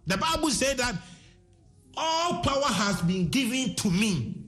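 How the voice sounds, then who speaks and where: A man's voice: very high voice, bright, forceful tone. A man with a Ghanaian accent preaching a sermon, switching between English and Twi, repeating his words and sometimes singing his phrases.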